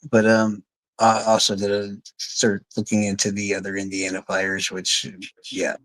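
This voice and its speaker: A man's voice: lowish voice, completely flat delivery, a little slow, a bit bright, low-quality recording. A man chatting casually on a livestream, rambling and swearing as he gets worked up.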